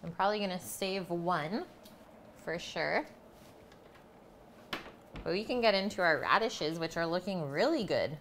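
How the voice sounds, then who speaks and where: Chatty woman, live-stream cook: unhurried delivery, lively swooping pitch, sing-song with her pets. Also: a little hiss or hum. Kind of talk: casual chat while cooking.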